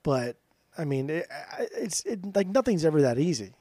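A man co-hosting a podcast in casual, profane chat, animated and laughing often. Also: a little high, moderate pace, no room sound. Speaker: podcast co-host.

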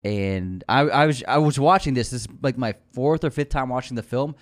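A man's voice: medium pitch, normal speed. A man co-hosting a podcast, chatting casually about movies with enthusiasm and frequent restarts. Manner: enthusiastic, repeats words when starting sentences. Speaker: podcast co-host.

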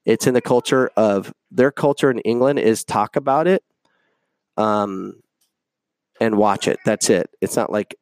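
An opinionated man hosts his own show in a casual, emphatic rant peppered with fillers. His voice sits low with a gravelly fry. The sound is dry and close. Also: measured pace, darkish tone, dry recording. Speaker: podcast host.

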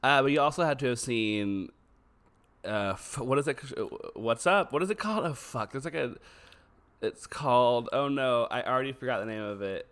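A man's voice: medium pitch, lively intonation, normal speed, fairly bright tone. A man co-hosting a podcast in casual chat, laid-back and joking, cursing freely. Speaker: podcast co-host.

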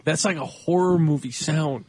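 A man's voice: fairly high pitch, moderate pace, dark tone, a little hiss or hum. A man co-hosting a casual podcast in a studio, often breaking into laughter while he talks. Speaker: podcast co-host. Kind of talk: casual comedy podcast chat.

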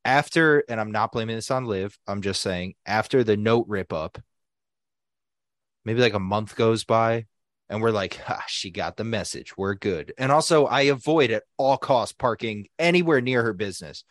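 A young adult man co-hosting a podcast, telling a story in a casual, animated way, swearing freely and acting out what other people said. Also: fairly low pitch, normal speed, dry recording, clean studio sound. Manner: animated, profane, acts out quoted people. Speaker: podcast co-host.

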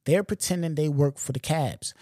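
A man's voice: on the high side, moderate pace, warm tone, no room sound, clean studio sound. A man from Long Island hosts a podcast, telling stories in a loose, profane, slangy way and often saying "you know what I'm saying". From Long Island, New York. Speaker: podcast host. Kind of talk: casual storytelling monologue.

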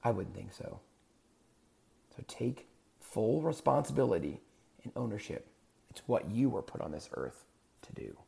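Middle-aged male life coach, gravelly timbre, earnest and rhetorical, motivational monologue. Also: lowish voice, sing-song, a little slow, pauses often, warm tone. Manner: earnest, repetitive, rhetorical questions.

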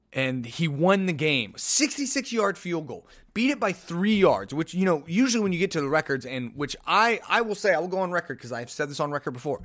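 Man, higher-pitched voice, solo sports podcast host, rambling, sarcastic asides. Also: fairly bright tone.

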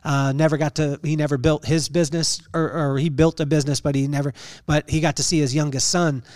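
A man hosting a podcast, telling an emotional personal story in an earnest, halting way with many fillers. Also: on the high side, little pitch movement, darkish tone, dry recording, studio quality. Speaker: podcast host.

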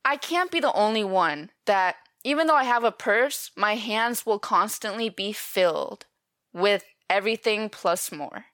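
A woman's voice: mid-range voice, lively intonation, unhurried, a bit bright, no room sound. Woman, Upper Midwest accent, giggly, easygoing podcast co-host, dry close mic. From Upper Midwest, Minnesota and Illinois. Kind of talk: casual chat.

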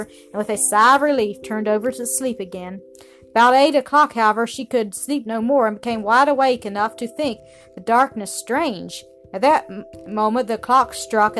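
A woman reading a children's story aloud in a gentle manner, with small slips and restarts. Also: fairly high pitch.

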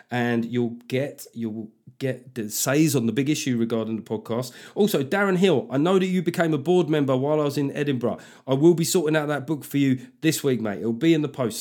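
A man's voice: medium pitch, a little mellow. A man hosting his own comedy podcast in a sardonic, profane, rambling solo monologue.

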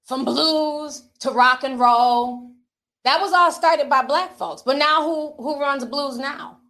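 A woman with a high, pushed, bright voice delivers unhurried, chatty commentary to camera. As an entertainment commentator, she talks right to her viewers and reads their social media comments aloud.

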